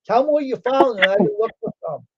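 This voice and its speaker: A man's voice: very high-pitched, lively intonation, fast, breathy edge, no echo, muffled recording. A man casually telling a long, rambling story from his school days on a livestream, breaking into quoted voices. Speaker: livestream host.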